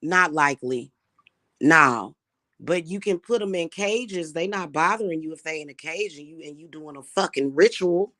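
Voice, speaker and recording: A woman's voice: low voice, moderate pace, no room sound. Woman, casual profane rant to camera, dry close recording. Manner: brash, profane, animated. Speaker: spiritual reader and vlogger.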